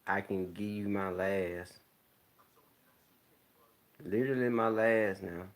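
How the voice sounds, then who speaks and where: A man talking candidly in a laid-back, rambling monologue, clearing his throat often. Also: fairly low pitch, takes it slowly. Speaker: vlogger. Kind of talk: casual monologue to camera. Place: home, smoking while talking.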